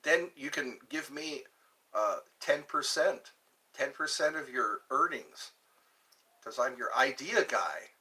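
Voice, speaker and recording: A man's voice: mid-range voice, animated, slow, bright, forceful tone. A man hosting a casual livestream, rambling, reading out viewer questions and answering them while eating yogurt. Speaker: livestream host.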